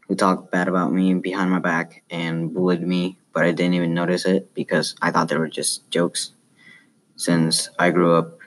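A deep-voiced young man reads a personal essay aloud. His light South American Spanish accent colors the words, and his delivery is plain and earnest. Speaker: student.

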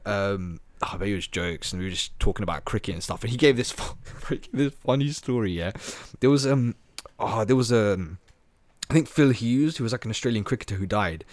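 Slangy young man, low dry voice. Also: brisk, no echo. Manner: animated, slangy, laughs often. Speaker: podcast host. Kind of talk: casual chat, travel storytelling.

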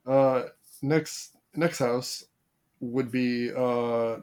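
A man co-hosting a casual podcast chat, making jokes and quick asides and swearing freely. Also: medium pitch, steady tone, a little mellow, clear, resonant tone. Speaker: podcast co-host.

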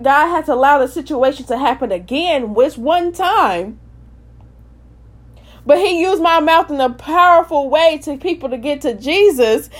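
Woman, high voice, impassioned informal sermon, repetitive, loud then soft. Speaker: preacher.

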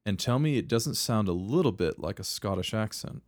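Low-voiced man, laughing podcast chat. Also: expressive, normal speed, darkish tone, no room sound, studio quality. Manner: laughs often, jokey, tells anecdotes. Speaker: podcast co-host, history teacher. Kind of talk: casual chat.

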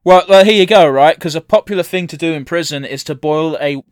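A man's voice: on the high side, a little fast, dry recording, clean studio sound. A man chatting casually and swearing freely, joking and laughing while reacting to a cartoon with a friend. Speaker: co-host watching a cartoon.

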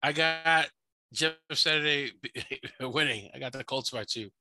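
Male podcast co-host, bright and forceful tone, joking and playful. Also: medium pitch, a little slow, no room sound, poor audio. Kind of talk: casual sports chat.

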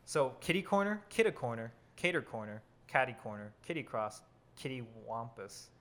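A man's voice: medium pitch, sing-song, normal speed, a bit bright. A young man in casual podcast chat, teasing and sarcastic.

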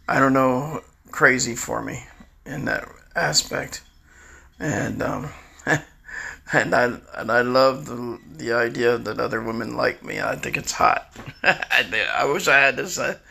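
Older man, sixties, heavy gravel and rasp, tense edge, rambling confessional delivery. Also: mid-range voice, sharp tone. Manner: rambling, confessional, restarts often. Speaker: storyteller recounting his life. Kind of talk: candid personal monologue.

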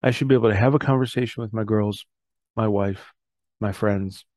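A man's voice: lowish voice, steady tone, moderate pace, darkish tone, dry recording. A middle-aged man hosting a podcast, talking earnestly about fatherhood and faith and reading scripture aloud. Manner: earnest, reads scripture aloud, self-correcting. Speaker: podcast host. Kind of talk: reflective faith talk.

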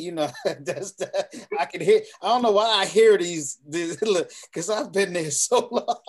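A man's voice: high-pitched, measured pace, breathy edge. A man in a casual group chat, talking emphatically and asking rhetorical questions.

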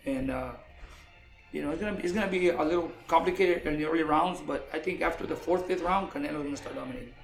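A man, a boxing coach, telling stories in a relaxed way during a casual interview, often repeating words as he goes. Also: fairly high pitch, fast, gravelly. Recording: echoey room with faint music.

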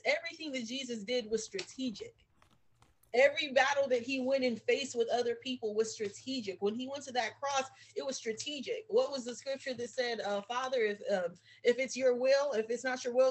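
Husky-voiced woman, earnest faith talk. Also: high-pitched. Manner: emotional, earnest, animated storytelling. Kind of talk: heartfelt casual faith talk.

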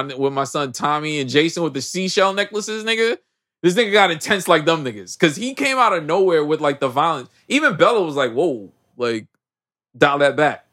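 Animated man recapping a movie. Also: fairly high pitch. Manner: animated slangy storytelling, acts out characters' lines. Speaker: podcast co-host. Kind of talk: casual movie recap chat.

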